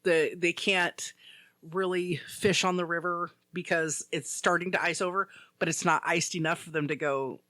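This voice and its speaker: A man's voice: a little high, steady tone, moderate pace, bright, forceful tone, dry recording. A man co-hosting a casual podcast chat, telling a rambling story full of "like". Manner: rambling storyteller, heavy use of "like". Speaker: podcast co-host.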